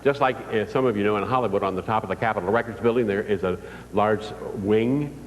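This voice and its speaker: Older guy, lowish voice, chatty stories to a crowd, big echoey hall. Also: fast, a little hiss or hum. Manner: folksy storytelling with audience questions. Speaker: motivational speaker. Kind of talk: live motivational speech. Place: large hall before an audience. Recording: distant reverberant hall recording.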